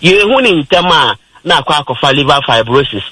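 A man's voice: on the high side, expressive, normal speed, sharp tone, slightly rough, no room sound, low-quality recording. A Ghanaian man presenting a radio health talk, explaining step by step and mixing in English terms. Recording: radio broadcast.

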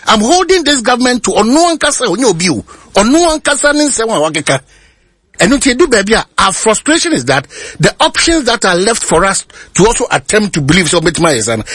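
Impassioned Ghanaian man, husky, lively pitch. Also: no room sound. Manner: impassioned, repeatedly cuts in with "hold on". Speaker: radio talk show host. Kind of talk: heated political debate.

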